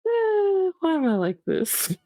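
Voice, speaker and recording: A woman's voice: extremely high pitch, wildly swooping pitch, slow, dark tone, dry recording. Giggly, foul-mouthed young woman. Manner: laughs a lot, swears freely. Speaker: streamer. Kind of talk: casual chat.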